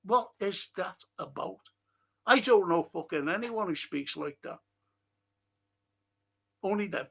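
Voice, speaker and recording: A man's voice: high voice, animated, slow pace, vocal fry, pauses often, fairly bright tone, husky. A middle-aged man, hosting a casual football livestream and answering viewer comments bluntly, swearing often. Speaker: football podcast host.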